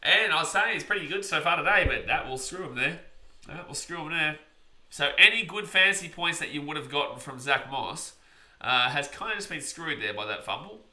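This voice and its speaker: Bright, excitable male stream commentator. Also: a little high, brisk, echoey room. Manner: excitable, shouts big plays, chats with viewers. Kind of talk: live play-by-play game reaction.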